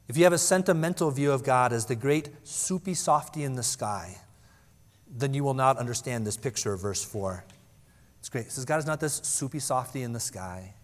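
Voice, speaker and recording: A man preaching an earnest expository sermon, reading scripture aloud and explaining it to his congregation. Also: a little high. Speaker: pastor. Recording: long reverb from a large hall.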